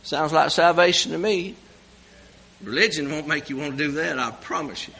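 Male preacher, high and forceful voice, folksy animated sermon, loud to hushed swings. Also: moderate pace, creaky, husky, low-quality recording.

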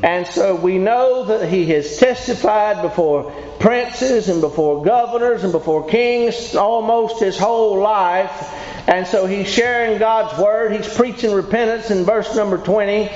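In a church hall, a man with a high, somewhat mellow voice preaches unhurriedly to his congregation, folksy and emphatic, often asking them questions in call-and-response style. The sound is echoey and dull, with a lo-fi quality.

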